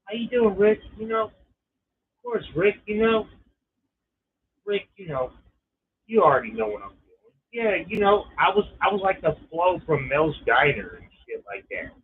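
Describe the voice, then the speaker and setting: A man's voice: on the high side, very animated, moderate pace, pauses often. A middle-aged man telling a personal story in a casual, profane, exasperated way. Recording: tinny phone-like line.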